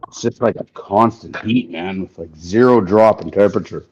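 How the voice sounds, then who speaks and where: A mellow-voiced man chats casually and jokes while hammering metal on a live stream. The audio is dull and lo-fi. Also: fairly low pitch, normal speed, slightly rough. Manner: joking, laid-back, talks while hammering metal. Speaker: bladesmith streamer. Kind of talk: casual livestream chat while working.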